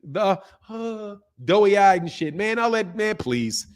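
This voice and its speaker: Blunt, high-voiced streaming host. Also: male voice, slow pace, clean tone. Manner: blunt, profane, laughs often, animated asides. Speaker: boxing channel host. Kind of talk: casual livestream chat reading viewer comments.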